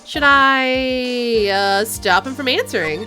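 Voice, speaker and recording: A woman's voice: high voice, slow pace, sharp tone, soft background music, exaggerated voice. A woman voicing a nervous young male defense attorney in a game, thinking aloud. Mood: worried. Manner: anxious inner monologue. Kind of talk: game voice-over.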